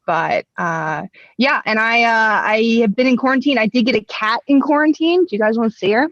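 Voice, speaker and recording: A woman's voice: a little high, a little fast, fairly bright tone, no echo, lo-fi sound. A woman in her twenties doing a stand-up set over a video call, dry and self-mocking, laughing at her own jokes. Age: 20s. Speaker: stand-up comedian.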